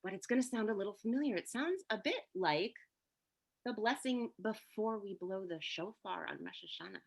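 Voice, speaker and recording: A woman's voice: medium pitch, expressive, moderate pace, vocal fry. A woman leading songs and blessings for a congregation, chatty and encouraging between verses, playing guitar. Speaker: song leader at a synagogue celebration. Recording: faint guitar music behind.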